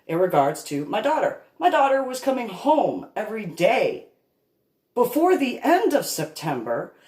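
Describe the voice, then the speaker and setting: Slow, emphatic woman in an echoey room. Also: medium pitch, wildly swooping pitch, darkish tone. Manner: slow and emphatic, with deliberate pauses. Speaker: parent telling her story. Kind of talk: unscripted monologue vlog.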